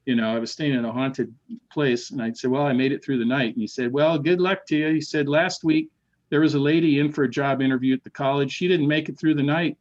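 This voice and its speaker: A middle-aged man, a podcast guest, telling a ghost story in casual chat, animated and repeating words as he acts out the voices he quotes. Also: medium pitch, fast, highs cut off.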